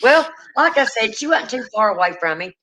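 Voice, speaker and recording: A woman, a paranormal investigator hosting a casual chat, telling lively stories, acting out quotes and swearing freely. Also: fairly high pitch, brisk, low-quality recording. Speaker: paranormal investigator and channel host.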